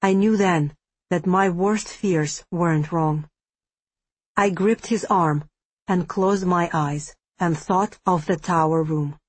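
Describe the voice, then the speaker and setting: A woman narrating a first-person fantasy audiobook at a measured, steady pace. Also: fairly low pitch, husky, no room sound.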